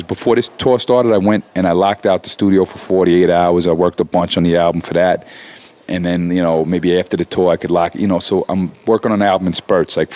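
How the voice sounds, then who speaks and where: A low-voiced man in his forties talks in a loose, profane way. He gets animated and trips over restarts as he rants, swearing often. It is casual interview talk. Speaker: rapper, guest.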